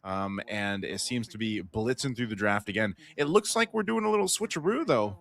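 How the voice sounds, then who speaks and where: A man's voice: on the low side, animated, moderate pace, creaky, fairly bright tone. A man hosting live esports commentary, chatty and upbeat, often laughing with his co-caster.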